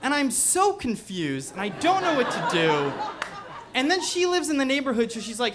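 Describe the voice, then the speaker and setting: A man's voice: very high-pitched, wildly swooping pitch, normal speed, over a noisy crowd, heavy background noise. A young man telling a personal story on stage to a live audience, in a casual, rambling way full of "like" fillers. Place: bookstore event before a live audience.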